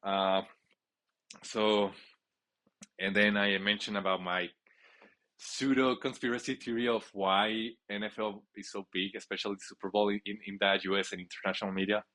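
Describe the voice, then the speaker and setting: Excitable rambling man narrating his gameplay. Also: lowish voice, normal speed. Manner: excitable, rambling, with frequent restarts. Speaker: gamer playing a football video game.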